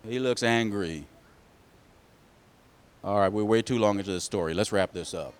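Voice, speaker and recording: A man telling a picture-book story to children, pausing to ask them questions. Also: on the low side, smooth. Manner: animated, asks the children questions.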